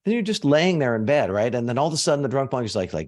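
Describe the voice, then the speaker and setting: A man's voice: mid-range voice, big pitch swings, quick pace, darkish tone. A man teaching a motivational lesson in a conversational, emphatic way, with casual swearing.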